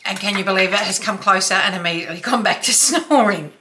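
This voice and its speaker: A woman in her fifties chatting through a makeup tutorial at home, often dropping to a soft near-whisper as she works. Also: mid-range voice, quick pace, a little hiss or hum. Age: 50s. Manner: chatty, drops to near-whisper while applying. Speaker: beauty vlogger. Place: home, dog snoring nearby.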